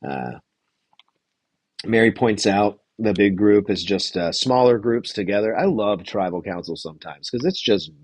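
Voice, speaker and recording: Man, young adult, low voice, casual rambling recap host, swears, dry close sound. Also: slightly rough, no echo. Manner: rambling, swearing, loose with fillers; reads live chat aloud. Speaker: podcast host reviewing a reality show.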